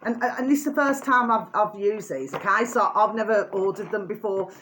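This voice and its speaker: A woman's voice: mid-range voice, normal speed, fairly bright tone, slight background noise. An older woman chatting casually in a show-and-tell vlog, doting and rambling, full of fillers and repeated pet names. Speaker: vlogger.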